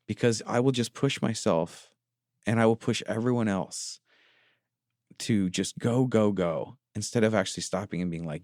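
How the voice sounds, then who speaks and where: A man in his thirties co-hosting a podcast, talking earnestly and confessionally, often pausing to search for words. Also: lowish voice, a little mellow, dry recording, clean studio sound. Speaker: podcast co-host. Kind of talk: reflective podcast conversation.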